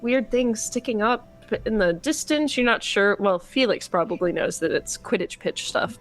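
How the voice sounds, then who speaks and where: A woman narrating a tabletop game as game master, hesitant and giggly, with many ums. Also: mid-range voice.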